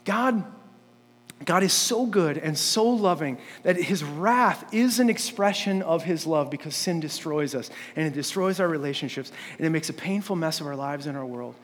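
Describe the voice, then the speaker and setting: A man's voice: fairly high pitch, lively intonation, normal speed, big-room sound. A man preaching a sermon in a church, talking conversationally with many fillers and restarts, and building up to emphatic points. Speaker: pastor. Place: church sanctuary.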